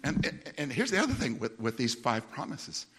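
A middle-aged man preaching a sermon, telling a story with humor, laughing often and mimicking other people in a high voice. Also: sing-song, moderate pace, background noise.

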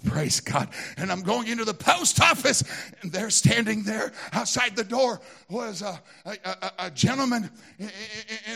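Southern preacher guy, high gravelly voice, goes from quiet stories to shouting at the church. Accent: Southern American. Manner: shifts from hushed storytelling to shouted preaching. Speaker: pastor. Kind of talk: sermon.

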